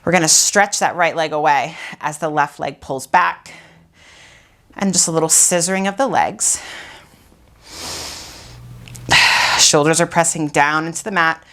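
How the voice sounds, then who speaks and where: A woman's voice: sits low, a little slow, pauses often, bright, forceful tone. A woman pilates instructor guiding a workout while doing it herself, out of breath and sighing between cues.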